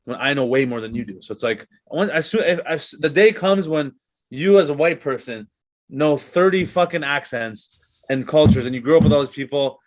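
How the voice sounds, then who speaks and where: A man's voice: medium pitch, normal speed, no room sound. A man from Canada, a comedian guest on a podcast, ranting in casual chat with heavy swearing. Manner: profane, ranting.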